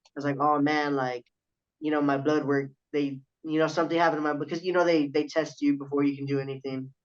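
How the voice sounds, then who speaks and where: A young man, a guest wrestler, speaks fast in a fairly high pitch while recounting a story on a casual podcast. Animated and profane, he quotes people throughout, captured in dull, lo-fi sound.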